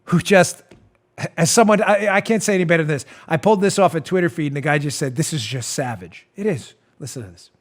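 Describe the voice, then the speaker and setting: A man's voice: on the high side, fast talker. A man hosting a political talk show, giving sarcastic, mocking commentary into a studio mic and laughing at his own jabs. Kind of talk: opinionated commentary.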